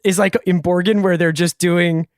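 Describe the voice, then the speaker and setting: A man's voice: high voice, fairly even intonation, moderate pace, no room sound, clean studio sound. A man co-hosting a podcast in casual chat, wry and laid-back, often tagging lines with "man". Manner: laid-back, wry, uses 'man' a lot. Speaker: podcast co-host.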